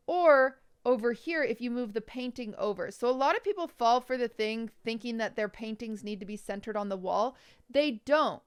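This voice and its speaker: A woman with a fairly high, clear, resonant voice talks at a normal speed. She's a streamer reviewing viewers' bedrooms in a casual livestream chat, offering blunt, teasing, nitpicky design critiques.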